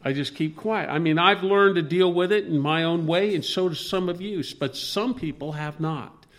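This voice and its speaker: Halting, rambling man leading Bible talk. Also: a little high. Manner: rambling, halting with many restarts, quotes scripture. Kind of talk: informal Bible discussion.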